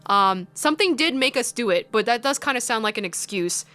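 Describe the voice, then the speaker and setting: A woman playing a video game and chatting about it, excitable and chatty. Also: fairly high pitch, fairly quick. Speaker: let's player. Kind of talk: game commentary.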